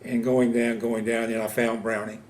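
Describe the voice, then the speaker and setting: Man in his 70s, from Louisiana, oral history interview, halting speech, faint background noise. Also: medium pitch, level tone, darkish tone. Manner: halting, many pauses and fillers. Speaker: veteran interviewee. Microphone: interview camera setup.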